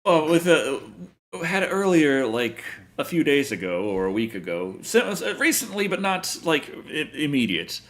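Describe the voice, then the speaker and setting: Male co-host, rambling and laughy, lively higher voice. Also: normal speed. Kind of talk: casual chat.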